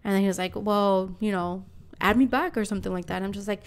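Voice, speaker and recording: A woman's voice: medium pitch, fast. A woman, hosting a podcast and telling a story in casual chat, ranting and swearing freely. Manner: animated ranting, swears a lot. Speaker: podcast host.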